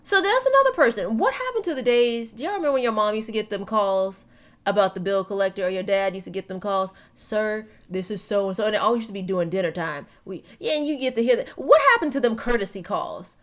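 A woman co-hosting a casual chat show, ranting in an animated, slangy way and talking to her listeners as y'all. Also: medium pitch, fast. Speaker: podcast co-host.

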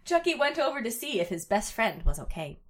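A woman's voice: big pitch swings, a little fast, a little hiss or hum. A woman hosting a comedy show, reading a story aloud with put-on voices and frequent laughter. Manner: reads baby characters in put-on high voices, laughs often. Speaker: podcast host reading fan fiction aloud.

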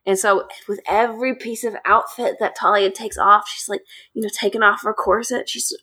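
A woman host casually retelling a dark fairy tale to friends, chatty and animated. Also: medium pitch, moderate pace, breathy edge. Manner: chatty, animated, laughs often. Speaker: podcast host.

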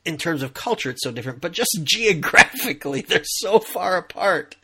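A man's voice: a little high, animated, moderate pace, bright, forceful tone, husky. A man hosting a podcast, chatting casually and laughing often about a TV show. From US Midwest. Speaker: podcast host. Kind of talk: casual chat.

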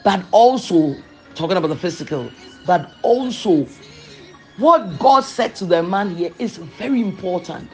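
An emphatic preacher delivering a sermon, firing off rhetorical questions and hammering key words again and again. The delivery swings from loud, punchy bursts to quiet, soft asides. Faint music plays softly in the background. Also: medium pitch, lively intonation, unhurried.

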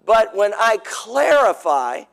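A man's voice: sits high, sing-song, takes it slowly, gravelly, a bit bright, rough recording. A middle-aged man preaching on marriage, telling folksy stories with acted-out dialogue. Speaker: pastor. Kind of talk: sermon on marriage, with his wife.

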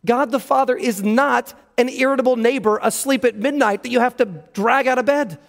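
A man's voice: very high-pitched, steady tone, normal speed, gravelly. A pastor preaching an earnest sermon, emphatic and repeating words as he stresses his points. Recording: long hall reverb.

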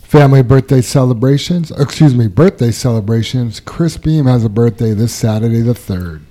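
A man hosting a casual workplace podcast, reading out anniversaries and birthdays and telling stories in a relaxed way. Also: medium pitch, normal speed, noisy background. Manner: relaxed, reads out announcements. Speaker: podcast host.

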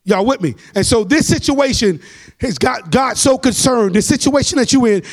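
A man preaches a Bible study as a pastor. His voice sits high, and he calls for amens while his delivery climbs into shouted, half-sung lines. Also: lively intonation, normal speed.

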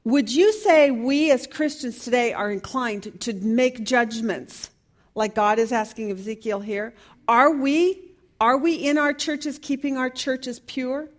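A woman with a fairly high voice leads a Bible study group. She talks in an earnest, searching way and keeps putting questions to her class. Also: measured pace.

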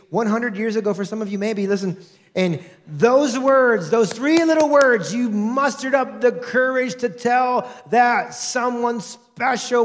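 A man in his thirties preaching, first praying earnestly, then telling stories in a conversational way and acting out the voices of people in them. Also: high voice. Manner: earnest, conversational, acts out quotes in his storytelling. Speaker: pastor. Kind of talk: sermon with opening prayer.

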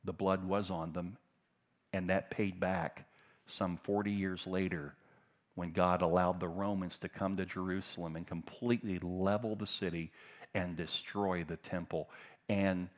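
A middle-aged man preaching a sermon, passionate, moving between loud emphatic bursts and hushed tender passages. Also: low voice. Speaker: pastor.

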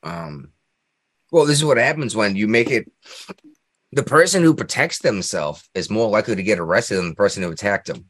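A man's voice: on the low side, animated, brisk, a bit bright, no echo. Man, podcast host, rambling casual chat, laughs a lot, dry close sound. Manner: rambling, laughs often, opinionated rants.

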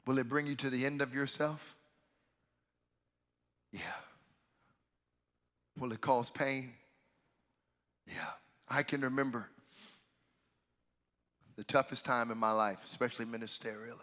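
A man preaching a sermon as pastor, swinging from hushed, quiet talk to loud, fervent shouting. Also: mid-range voice, fairly even intonation, unhurried, pauses often, long reverb tail.

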